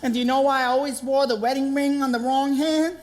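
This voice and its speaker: A man's voice: very high voice, fairly even intonation, fast, background noise. A man voicing a bitter, fed-up Latina wife, scolding her husband on stage.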